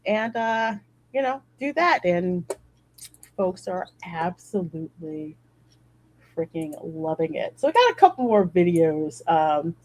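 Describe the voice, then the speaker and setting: A woman hosting a casual podcast, reacting to videos in an animated way and laughing often. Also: unhurried, slight background noise, low-quality recording. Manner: animated, laughs often, high bursts when excited. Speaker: podcast host.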